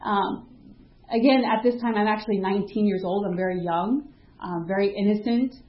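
The recording is muffled and in an echoey room, with a woman of medium pitch talking a little fast. She shares a personal faith testimony as a casual story, acting out people's words and often saying "like".

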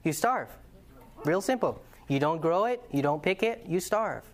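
A man's voice: on the high side, expressive, normal speed. A man preaching a lesson to a congregation, passionate and earnest, telling stories and putting questions to the audience. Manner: conversational storytelling with restarts. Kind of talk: sermon-style lesson to a congregation.

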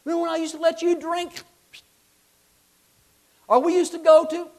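A preacher voicing a sly old tempter who hisses and coaxes in whispers. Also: male voice, very high voice, little pitch movement, moderate pace, darkish tone, pitched above the performer's own voice. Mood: coaxing. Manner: hissing whispers, coaxing.

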